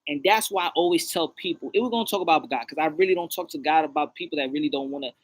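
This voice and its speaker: A man's voice: on the high side, racing, rough recording. A man co-hosting a podcast, talking in a rambling, preachy, repetitive way. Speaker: podcast co-host. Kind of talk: casual chat.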